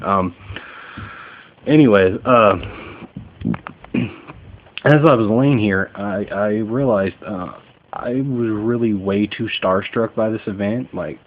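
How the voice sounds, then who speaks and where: A man's voice: fairly low pitch, phone-quality sound, slight background noise. A young man from Kentucky rambling casually at night from bed, joking and self-deprecating, with lots of fillers. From Kentucky, USA. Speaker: vlogger.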